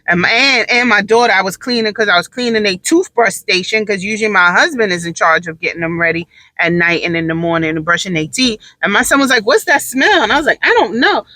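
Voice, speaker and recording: A tired mother in casual storytelling, talking in an animated, sassy way and leaning on emphatic repeats. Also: mid-range voice, fast, no echo. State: tired, drained. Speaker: mother and vlogger.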